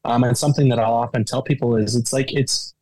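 A man's voice: medium pitch, fast, no echo, rough recording. Earnest man in a podcast interview. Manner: earnest, animated storyteller. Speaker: podcast guest. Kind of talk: conversational interview.

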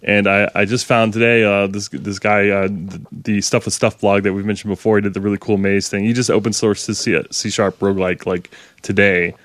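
Low-voiced hesitant male podcast co-host. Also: level tone, no echo. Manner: hesitant, many "uh" pauses, laughs easily. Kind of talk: casual tech podcast chat.

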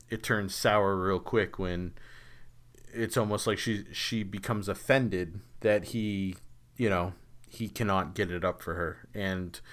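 A man co-hosting a podcast, discussing a film in a casual, rambling way with frequent restarts. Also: deep voice. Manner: rambling, many restarts and fillers. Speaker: podcast co-host.

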